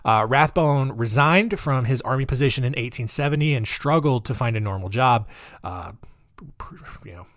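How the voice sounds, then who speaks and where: A young adult man chatting casually as a podcast host, rambling off on tangents with lots of fillers and little laughs. His pitch sits in a middle range, and the recording is dry and close. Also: lively intonation, moderate pace, fairly bright tone, no echo. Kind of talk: casual history podcast chat.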